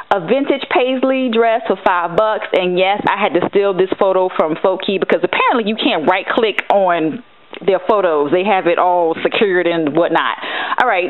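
A sassy, animated woman chatting to viewers as a fashion vlogger. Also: mid-range voice. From United States. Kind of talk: casual chat over photo slideshow. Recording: tinny phone-like audio.

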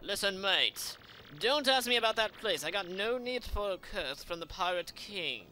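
Surly streetwise townsman, brash and rough, voiced by a gamer, bright lively voice. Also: medium pitch, normal speed, pitched above the performer's own voice. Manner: rough, brash, slang-heavy.

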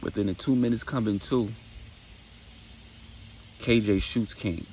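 Low gravelly guy telling a wild story casually, doing the sound effects himself. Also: measured pace, poor audio. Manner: animated retelling with sound effects and voiced dialogue.

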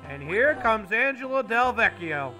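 A man giving mock play-by-play commentary over a baseball video game, with sudden loud bursts of excitement. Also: high voice, a little slow, faint music behind.

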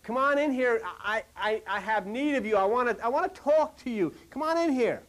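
A man shouting from the shore to the fishermen in their boat, his voice pitched up and pushed loud, stumbling over his words as he urges them to come in, as a preacher acts him out. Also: animated, a little fast. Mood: urgent. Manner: calling out urgently, stammering. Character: adult man calling loudly from the shore.

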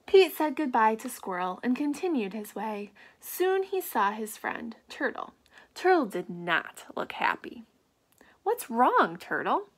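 A woman reading a children's picture book aloud, gasping and dropping into soft whispered asides and asking her young listeners questions. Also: on the high side, big pitch swings, measured pace.

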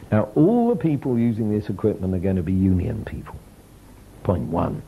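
An older man gives an informal lecture to a group, telling lively stories with a chuckle. His low voice leaps up and down in pitch as he speaks. The recording is muffled and lo-fi, with a faint hiss underneath. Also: moderate pace, vocal fry.

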